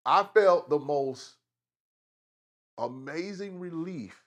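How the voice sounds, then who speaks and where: A middle-aged man from Atlanta with a Southern accent, telling profane, animated stories as an interview guest. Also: a little high, takes it slowly. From Atlanta, Georgia. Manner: animated storyteller, profane, drawling asides. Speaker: guest rapper. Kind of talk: casual storytelling interview.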